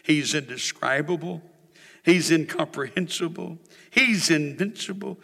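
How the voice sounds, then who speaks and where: A man preaching a sermon in a church, with a rhythmic, rising and falling cadence and drawn-out refrains. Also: high voice, very animated, pushed and bright. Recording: reverberant hall.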